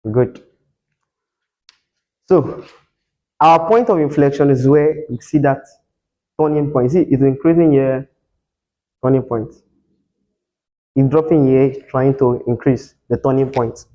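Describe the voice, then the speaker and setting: A man's voice: medium pitch, slow pace, long pauses, dull audio. A man teaching a whiteboard lesson as a tutor, asking the class questions and repeating key terms for them to answer.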